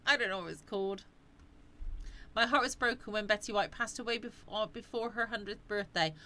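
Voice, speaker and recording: A woman's voice: mid-range voice, brisk, pushed and bright. A woman hosting a casual live chat, rambling and answering viewers' comments. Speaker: live stream host.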